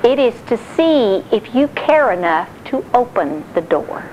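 A middle-aged woman giving a sermon-style talk on marriage, animated and acting out quotes. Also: on the high side, measured pace, muffled recording, noisy background. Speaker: speaker on marriage.

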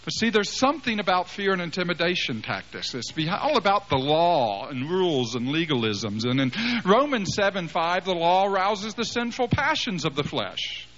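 A man preaching a sermon, telling a personal story with animated delivery and dramatic swings in loudness. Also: sits high, normal speed, few pauses. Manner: animated, acts out dialogue, big swings in loudness. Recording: slightly dull, faint background noise.

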